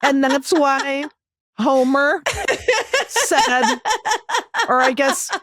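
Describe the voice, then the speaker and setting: A woman's voice: high voice, extremely slow, a bit bright, no echo, studio quality. A woman co-hosting a podcast with an American accent, making wry jokes in casual chat. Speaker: podcast co-host.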